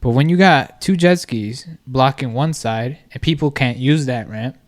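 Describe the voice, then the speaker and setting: A man telling a story on a podcast in casual chat, animated and constantly checking in with the listener. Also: medium pitch, unhurried. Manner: animated storytelling, constant "you know what I mean".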